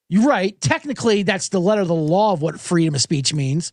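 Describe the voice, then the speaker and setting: A man's voice: sits high, animated, a little fast, hardly any pauses, no room sound. A man hosting a podcast, rambling through a casual, irreverent and profane monologue into a close studio microphone. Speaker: podcast host. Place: home studio with monitors.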